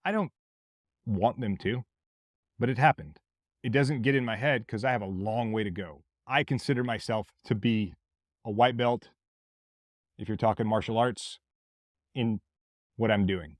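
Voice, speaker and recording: A man's voice: lowish voice, moderate pace, long pauses, dry recording. Blunt Southern man, dry close sound. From Mississippi, USA. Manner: blunt, forceful, swears freely. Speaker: podcast host. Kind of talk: motivational monologue.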